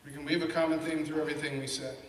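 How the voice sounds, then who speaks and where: Man in his fifties, a bit high-voiced, animated storyteller, heard from afar in a big echoey hall. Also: very fast, far from the mic, slight background noise. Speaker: panel speaker. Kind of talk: personal storytelling talk.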